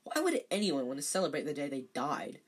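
A reader voicing a grumpy teenage schoolboy who speaks low and sullenly. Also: huge pitch swings, brisk, slightly rough.

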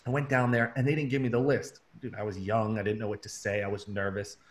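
Animated man telling his story. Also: on the low side, quick pace. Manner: animated, laughs often, says "man" a lot. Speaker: real estate investor and consultant, guest. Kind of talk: casual interview storytelling.

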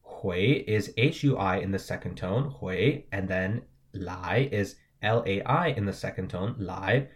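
Speaking slowly in a low voice, a man patiently walks through vocabulary and tones as a language teacher. "Right?" comes up again and again as he checks in.

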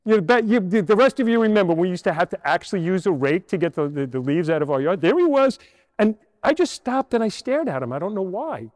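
High, lively older man giving a homily. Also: a little fast, no room sound, in a large hall. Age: 60s. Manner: storytelling, asks rhetorical questions. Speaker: priest. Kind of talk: homily to children. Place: church.

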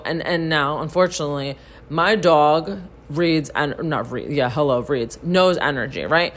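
A woman co-hosting a podcast, telling a story in casual, animated chat to her listeners, swearing freely and saying "like" a lot. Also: low-pitched, a little slow. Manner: animated, profane, heavy use of "like". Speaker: podcast co-host.

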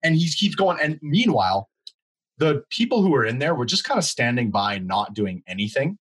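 A man's voice: medium pitch, moderate pace, slightly rough, low-quality recording. A young man co-hosting a podcast, telling a story in casual chat and acting out the quotes. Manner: animated, acts out quotes. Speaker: podcast co-host.

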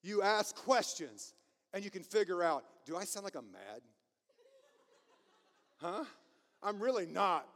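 A man delivers a sermon with passion and heavy emphasis, pushing his points hard and now and then laughing at himself. His voice sits high for a man. The sound carries a long reverb, as in a large church hall. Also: sing-song, measured pace, pauses often, a bit bright. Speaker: preacher.

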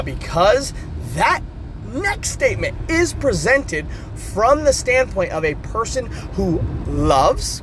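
A man's voice: high voice, background noise. A male coach hosting a motivational talk, explaining ideas and acting out little quoted scenes. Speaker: coach and podcast host.

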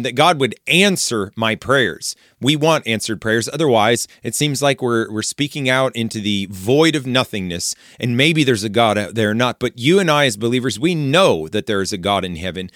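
A man's voice: medium pitch, fairly bright tone, no echo, studio quality. A man preaching on a psalm, speaking earnestly and directly to the listener. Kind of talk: radio-style Bible teaching.

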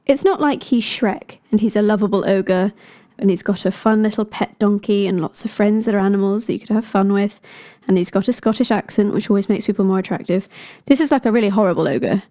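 Woman storyteller, casual and chatty, cracks jokes as she goes. Mellow tone. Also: mid-range voice, a little fast. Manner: chatty, jokey asides. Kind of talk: casual retelling of a myth.

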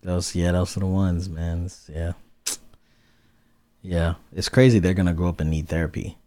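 A man's voice: low voice, fairly even intonation, moderate pace, mellow. A man co-hosting a podcast, talking in a laid-back, slangy, casual way. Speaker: podcast co-host. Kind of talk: casual chat.

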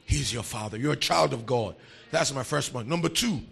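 A man preaching a sermon, emphatic and repeating key phrases, swinging between quiet talk and shouting. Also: medium pitch, normal speed, vocal fry. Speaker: pastor.

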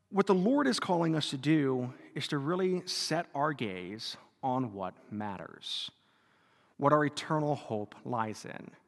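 Bright-voiced priest preaching in an echoing church. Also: male voice, medium pitch. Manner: conversational, self-deprecating, joking. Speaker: Catholic priest. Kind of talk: sermon. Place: church before a live congregation. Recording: reverberant church hall.

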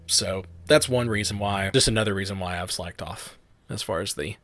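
A young man, co-hosting a podcast and telling stories in a chatty, animated way. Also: on the low side, moderate pace, dry recording. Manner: chatty storyteller, animated quotes, frequent "like". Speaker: podcast host. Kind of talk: casual chat.

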